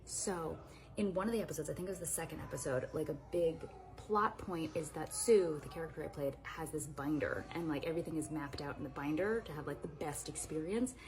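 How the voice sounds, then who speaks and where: A woman's voice: deep voice, a little fast, faint music behind. A woman recalling her days as an actress in a casual, rambling vlog story, full of restarts and bursts of laughter. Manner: breaks into laughter and acts out quotes. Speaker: actress recalling filming stories.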